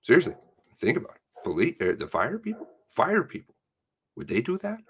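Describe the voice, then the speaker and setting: Profane rambling man, lively pitch. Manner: rambling, profane, mutters to himself then flares up. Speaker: independent online investigator. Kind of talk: casual commentary while reading.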